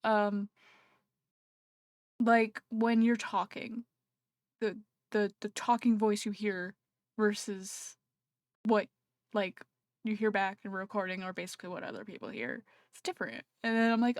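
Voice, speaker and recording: A woman's voice: mid-range voice, measured pace, pauses often, dry recording, clean studio sound. Rambling, self-conscious woman streamer. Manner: rambling and self-conscious, with many fillers and restarts. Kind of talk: casual live-stream chat. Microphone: computer microphone.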